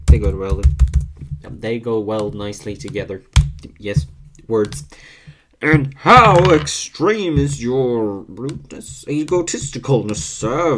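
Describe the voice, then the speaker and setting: A man thinking aloud in a halting, musing way as he rolls dice and invents characters for a video. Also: mid-range voice, noisy background. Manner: musing, halting, self-correcting. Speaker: video creator.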